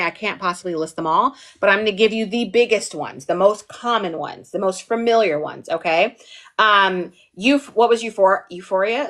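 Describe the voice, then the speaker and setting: A woman's voice: medium pitch, fairly bright tone. A young woman from the US East Coast teaching a casual livestream lesson, chatty and playful, digressing often and asking "okay?". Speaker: online TV pitching instructor.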